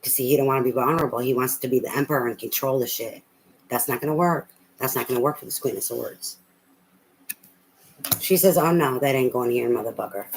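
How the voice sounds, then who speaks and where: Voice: mid-range voice, a little fast, long pauses, a little hiss or hum, low-quality recording. Blunt, profane tarot reader. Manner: blunt, profane and emphatic, with lots of repetition. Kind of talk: casual tarot reading.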